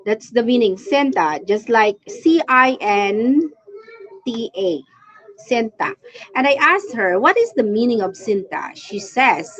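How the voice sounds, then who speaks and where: A woman's voice: a little high, sing-song, slow, fairly bright tone, low-quality recording. A woman from the Philippines with a Filipino accent, chatting casually on a live stream and greeting her viewers. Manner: chatty, greets viewers and reads their comments aloud.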